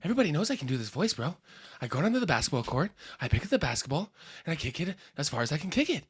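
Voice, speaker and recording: A man putting on a brash, foul-mouthed tough-guy movie star who swaggers through every line and tacks "bro" onto his threats. The voice sits a little high and swings widely in pitch. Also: big pitch swings, racing, husky, full character voice. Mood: menacing. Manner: swaggering, crude, says "bro" a lot. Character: tough-talking male movie star, crude, menacing.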